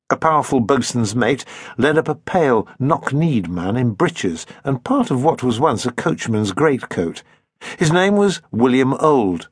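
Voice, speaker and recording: A man narrating a historical novel in an expressive, husky voice. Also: mid-range voice, measured pace, dry recording, clean studio sound. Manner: expressive, varied reading. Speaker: audiobook narrator. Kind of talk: scripted narration.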